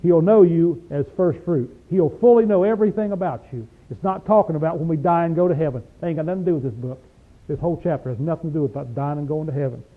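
Male Bible teacher, folksy and emphatic, slightly high voice, tinny lo-fi tape. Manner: folksy, emphatic, reads verses slowly then explains. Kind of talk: informal Bible study sermon.

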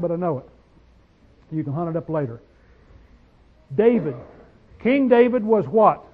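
A man with a high voice delivers a homespun sermon. He reads scripture in slow, drawn-out phrases, then breaks into quick conversational asides and rising declarations. The recording sounds dull and lo-fi. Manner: folksy, call-and-response asides, swings from quiet to loud. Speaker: preacher.

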